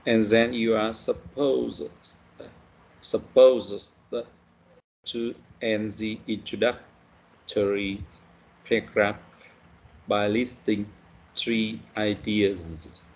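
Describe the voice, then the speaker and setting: A man's voice: on the low side, level tone, drawn-out words, pauses often, a little hiss or hum, low-quality recording. A man, an adult student in an online English lesson, hesitantly repeating words after his teacher over a video call.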